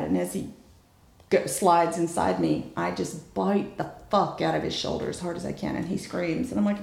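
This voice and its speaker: A woman tells a personal story in an open, blunt way, her voice gravelly with vocal fry. She acts out the quoted lines with sudden jumps in pitch. The room around her sounds echoey. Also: animated, normal speed, darkish tone. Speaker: guest telling a personal story. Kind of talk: candid storytelling chat.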